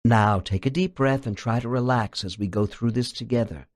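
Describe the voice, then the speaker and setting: A man reading the lines of a calm male hypnotherapist with steady, patient questions. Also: medium pitch, normal speed, lightly acted. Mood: reassuring.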